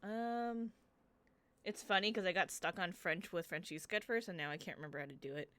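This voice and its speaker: A young woman streaming a game, reading its lines aloud and chatting and thinking out loud as she goes. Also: lowish voice, a little fast. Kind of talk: game playthrough, reading and commentary. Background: game music.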